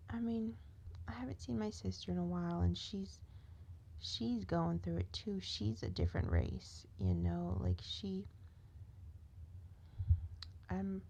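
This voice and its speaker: A woman's voice: on the low side, vocal fry, dark tone, slightly rough. A tired woman venting in a rambling, profane rant that often drops to a whisper.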